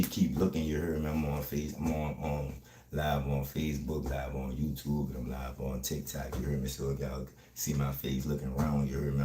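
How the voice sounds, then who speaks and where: A man, talking fast and streetwise in a casual livestream chat, often asking "you heard me". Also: rumbling low, dark tone, reverberant, a little hiss or hum.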